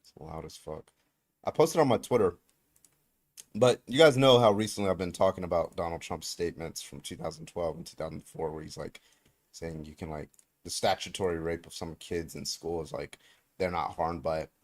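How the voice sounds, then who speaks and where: A man hosting a livestream, chatting casually and swearing freely, with sudden loud outbursts. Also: low voice, normal speed. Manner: profane, talks through tech setup with sudden loud outbursts. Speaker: livestream host. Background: faint music.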